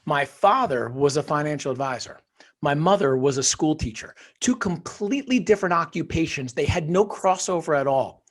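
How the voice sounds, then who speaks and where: Husky motivational storyteller, New Jersey man. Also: a little high, moderate pace. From northern New Jersey, USA. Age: middle-aged. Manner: animated storyteller, emphatic motivational delivery. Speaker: podcast guest, author and financial wholesaler. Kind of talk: casual storytelling interview.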